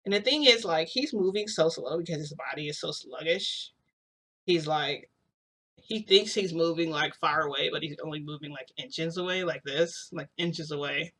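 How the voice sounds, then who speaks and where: A woman's voice: low voice, normal speed, fairly bright tone. A young woman vlogger telling a long personal story in a casual, rambling way, full of "like" and restarts. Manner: rambling, heavy use of "like", frequent restarts.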